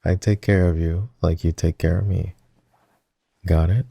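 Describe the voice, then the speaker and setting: A man playing a deep, gravelly protective boyfriend in whispered role-play. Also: fairly even intonation, unhurried, dark tone, no echo, clean studio sound, exaggerated voice. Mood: teasing, protective. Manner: teasing, affectionate. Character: protective, teasing young boyfriend caring for sick partner. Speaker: voice actor.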